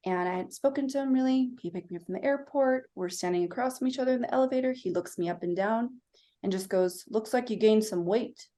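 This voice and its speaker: A woman guest on a podcast, a mindset coach, explaining ideas in a lively way and acting out quoted dialogue as she tells stories. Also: on the high side, fast talker. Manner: animated storytelling, acting out quoted voices. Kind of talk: casual interview chat.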